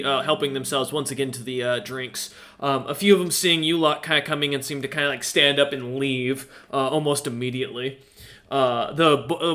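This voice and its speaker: A man's voice: medium pitch, bright, forceful tone. A man narrating as game master of a tabletop game, rambling with many fillers and restarts.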